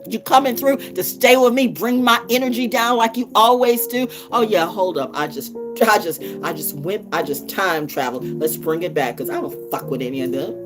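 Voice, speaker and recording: A woman's voice: mid-range voice, normal speed, hardly any pauses, over music. A woman hosting a casual livestream as an oracle card reader, talking bluntly and profanely in rambling asides.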